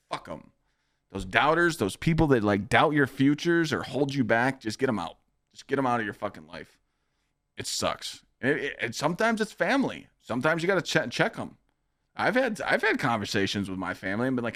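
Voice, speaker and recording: A man's voice: medium pitch, big pitch swings, normal speed, a bit bright, dry recording. Man, young, casual podcast host, profane and cocky, dry close sound. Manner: blunt, profane and boastful, rambling pep talk. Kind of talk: casual livestream podcast chat. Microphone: streaming microphone.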